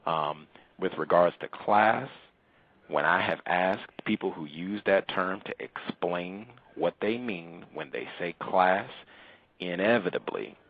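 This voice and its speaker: A man hosting a call-in radio show, speaking deliberately and lecturing on the meaning of terms. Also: sits low, slightly rough, phone-quality sound.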